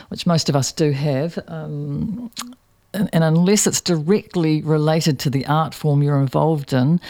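Gravelly New radio presenter. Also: mid-range voice, a little mellow, no echo, clean studio sound. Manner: chatty, wry asides, frequent ums. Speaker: radio music show host.

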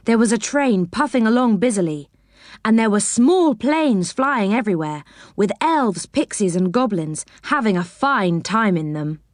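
Slow, expressive woman reading a children's story. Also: medium pitch, no room sound, studio quality. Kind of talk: children's story read aloud.

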